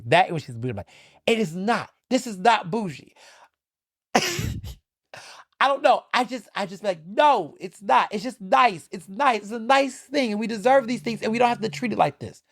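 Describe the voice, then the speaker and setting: A male podcast host chatting casually and sassily on his own, swooping into high pitch for emphasis. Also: darkish tone, no echo, studio quality. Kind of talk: casual solo chat.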